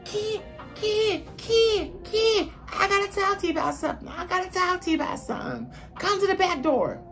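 A woman's voice: extremely high pitch, moderate pace, fairly bright tone, faint music behind, pitched above the performer's own voice. A man voicing a chatty, pushy female assistant manager who talks urgently and repeats herself.

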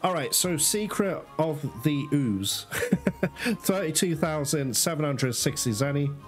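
A man's voice: a little high, unhurried. A man giving gameplay commentary who gets worked up, swears freely and keeps calling his viewers guys. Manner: excitable, swears often, talks to viewers as guys. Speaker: let's play host. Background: game music.

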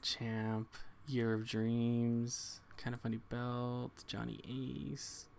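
A man's voice: mid-range voice, takes it slowly, vocal fry, slight background noise. A man streaming a video game, casually muttering reactions and chatting about the stream. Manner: relaxed, muttered reactions to gameplay. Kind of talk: casual gaming stream commentary.

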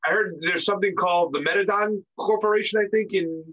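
A man's voice: high voice, fairly even intonation, quick pace, a bit bright. A man hosting an interview, blunt and casual with some mild swearing. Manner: blunt, casual, mildly profane. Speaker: host. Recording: slightly dull audio.

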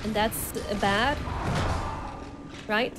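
A woman's voice: mid-range voice, very slow. A woman streaming a video game live, chatting casually to her viewers and poking fun at her own mistakes. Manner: chatty, self-deprecating, talks to chat while playing. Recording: game music behind the voice.

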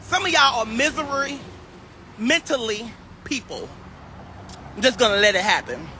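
A man's voice: very high-pitched, lively intonation, normal speed, pushed and bright, a little hiss or hum. A young man on a casual livestream, delivering a sassy, preachy clapback rant.

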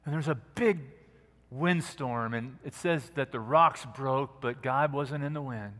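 A man preaching a sermon as pastor, earnest and gentle, dropping to a soft hush at quiet moments. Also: mid-range voice, measured pace. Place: church sanctuary. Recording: long church hall reverb.

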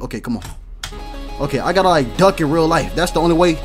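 Young male gamer, raised voice, jumpy and swearing, talks to the game characters, lively pitch swings, soft music underneath. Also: quick pace. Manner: excitable, slangy, swears, yells and screams at game characters. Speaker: gaming YouTuber. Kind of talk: loud reactive let's-play commentary.

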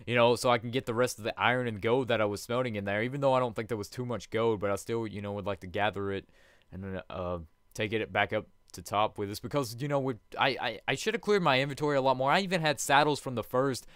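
A man's voice: medium pitch, fast talker, a bit bright, smooth, dry recording, studio quality. A young man giving rambling, casual commentary on his own gameplay, chatting with viewers and laughing often. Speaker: let's play host.

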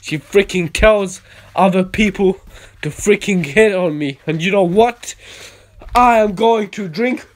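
Man, high voice, ranting monologue, repetitive, emphatic. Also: measured pace. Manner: emphatic, repetitive, swings between soft and loud. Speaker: video blogger.

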